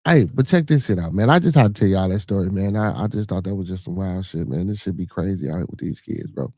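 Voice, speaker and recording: A man chats on his own live stream in a loose, rambling, profane way and talks straight back to the people watching. His voice is mellow and gravelly. The sound is dry and close, with no room echo. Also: deep voice, lively intonation, quick pace. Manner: profane, rambling, reacts to chat viewers. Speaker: podcast host. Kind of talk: casual livestream chat.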